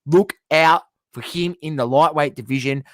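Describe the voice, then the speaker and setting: A man's voice: on the high side, moderate pace, no room sound. A man co-hosting a casual sports podcast, recapping fight cards with energy and stumbling over hard names. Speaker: podcast co-host.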